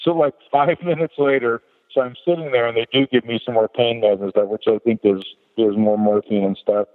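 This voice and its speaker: A man's voice: mid-range voice, steady tone, brisk. A middle-aged man, a podcast guest, telling a personal story in a candid, rambling way with frequent restarts. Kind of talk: personal story told in an interview. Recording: tinny phone line with long reverb.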